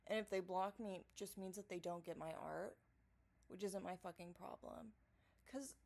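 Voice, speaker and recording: A woman rambling in a casual vlog monologue, profane and scattered, dropping to mumbles and then rising into loud excited bursts. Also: medium pitch. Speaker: vlogger. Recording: distorted audio.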